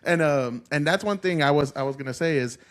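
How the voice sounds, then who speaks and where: A man co-hosting a podcast in casual chat, telling crude jokes with lots of laughter and restarts. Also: on the high side. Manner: crude, joking banter, laughs often; quick, rambling talk with many restarts. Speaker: podcast co-host.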